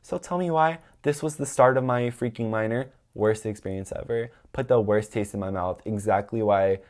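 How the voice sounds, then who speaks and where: Young male podcast host with a lowish voice, venting in animated, rambling, profane chat. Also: normal speed. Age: young adult. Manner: animated, rambling, heavy use of "like" and swearing; acts out quoted people in a raised voice. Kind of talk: casual storytelling monologue.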